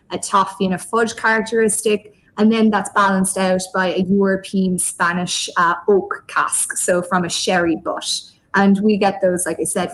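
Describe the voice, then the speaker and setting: A woman's voice: mid-range voice, low-quality recording. Chatty Irish woman explaining whiskey. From Ireland. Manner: chatty, explains in long loose runs with fillers. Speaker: guest whiskey ambassador. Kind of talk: livestream tasting chat.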